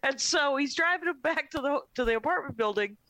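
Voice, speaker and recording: Bright-voiced woman comedian telling a story. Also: high-pitched, fairly quick, dry recording. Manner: animated storyteller, quotes her dad in voices. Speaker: comedian guest. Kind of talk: casual storytelling on a podcast.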